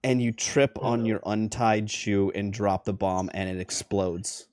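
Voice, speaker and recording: A man running a tabletop game, narrating scenes slowly for suspense and laughing between lines. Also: fairly low pitch, fairly even intonation, darkish tone, no room sound. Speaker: game master.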